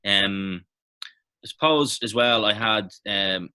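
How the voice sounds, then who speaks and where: Bright-voiced Irish man, low and reflective. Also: slow, clean tone. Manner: rambling, reflective, frequent fillers and restarts. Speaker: actor guest. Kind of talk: casual interview chat.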